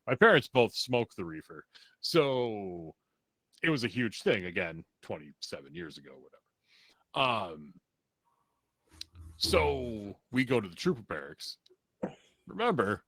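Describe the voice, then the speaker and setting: A man's voice: medium pitch, sing-song, measured pace, a bit bright, no room sound. A man on a podcast telling a rambling, profane story in a casual way, laughing now and then.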